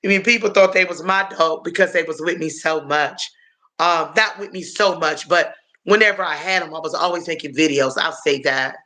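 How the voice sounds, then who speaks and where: A man hosting a live stream, chatting in a rambling way, answering viewers' comments, calling them y'all, and filling pauses with um and uh. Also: a little high, pushed and bright. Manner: halting, with frequent um and uh fillers. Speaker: livestream host answering chat. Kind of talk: casual live-stream chat.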